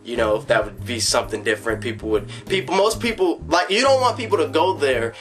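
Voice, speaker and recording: A man in casual fan commentary, rambling excitedly and acting out snatches of dialogue as he pitches movie ideas. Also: a little fast, soft background music. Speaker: fan vlogger.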